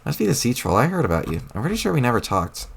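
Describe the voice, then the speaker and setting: A man's voice: medium pitch, wildly swooping pitch, rapid-fire, creaky, breathy edge, exaggerated voice. A man reading as an earnest teenage boy. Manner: hesitant, earnest questions. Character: nervous, polite teenage boy hero. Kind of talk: reading a webcomic aloud.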